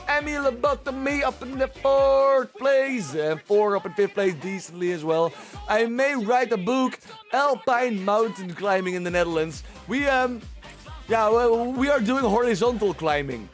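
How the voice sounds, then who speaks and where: A man's voice: extremely high pitch, expressive, moderate pace, faint music behind. A man hosting a livestream, chatting casually and rambling, often repeating himself as he talks to his chat. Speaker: livestream host. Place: at home, streaming.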